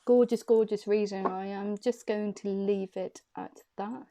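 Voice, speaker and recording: A woman's voice: medium pitch, steady tone, unhurried, dark tone, a little hiss or hum. A woman doing an intuitive tarot reading to camera, chatty and reassuring, who repeats phrases for emphasis. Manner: soothing, reassuring encouragement. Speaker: tarot card reader.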